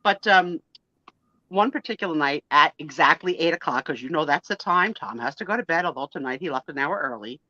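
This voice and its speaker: Lively, bright-voiced middle-aged woman storyteller. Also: sits low, fairly quick, dry recording, muffled recording. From United States. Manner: animated, laughing, acts out quoted lines. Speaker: host. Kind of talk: casual live-stream storytelling.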